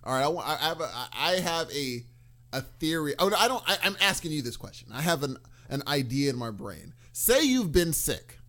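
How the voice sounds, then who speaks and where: Man, podcast co-host, casual chat, playful, animated, fairly high voice, very lively pitch. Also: moderate pace. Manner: animated, playful, acts out little quotes.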